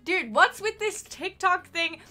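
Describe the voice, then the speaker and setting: A woman's voice: very high voice, animated, unhurried, sharp tone, soft background music. A young woman with a mild Australian accent, chatting casually on a live stream, swearing freely and reading chat aloud.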